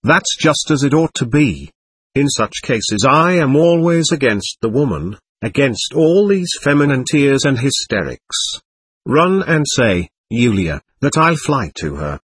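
A man reading the lines of a fussy, excitable middle-aged lady who gushes in breathless exclamations. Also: medium pitch, measured pace, slightly rough, no room sound. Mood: flustered.

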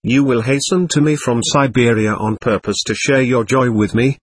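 A man's voice: medium pitch, steady tone, moderate pace, slightly rough, dry recording, lightly acted. A man voicing a flighty, effusive middle-aged society lady in a storybook reading, sweetly condescending.

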